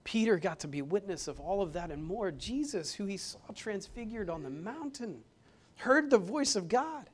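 A male pastor delivering a sermon, moving between hushed passages and loud, emphatic ones. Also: high voice, lively intonation, moderate pace. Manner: dynamic preaching, swings from hushed to loud and emphatic. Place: church.

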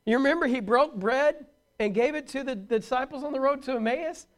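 A man preaching a sermon, animated and emphatic, with touches of humor and repeated words for stress. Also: very high voice, fairly quick.

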